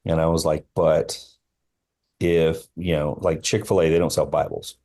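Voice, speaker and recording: A man, a film line producer, telling a personal story as a podcast guest in an earnest, halting way with many fillers and restarts. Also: very deep voice, level tone, darkish tone.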